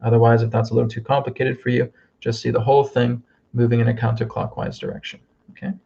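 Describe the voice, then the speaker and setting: Man, gravelly voice, leads a guided healing meditation over muffled lo-fi audio, calm check-ins. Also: mid-range voice. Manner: slow, soothing instructions with frequent "okay?". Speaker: healer leading a group healing.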